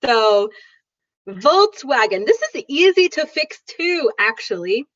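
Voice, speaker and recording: An upbeat woman with a slightly high voice leads an online pronunciation lesson, drawing out each sound for her students. The audio is dull and lo-fi, like a video call, with a dry, close sound. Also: sing-song, fairly bright tone, no room sound. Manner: upbeat, demonstrative, repeats sounds slowly. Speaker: English teacher.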